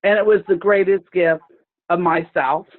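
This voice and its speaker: A woman sharing a personal story on a video call, in a halting, rambling way with many restarts. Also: on the low side, steady tone. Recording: tinny phone-like video call audio.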